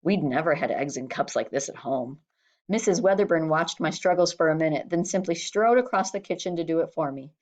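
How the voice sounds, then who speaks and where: A woman reading a children's novel aloud in a steady, expressive storytelling manner. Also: deep voice, brisk. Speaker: audiobook reader.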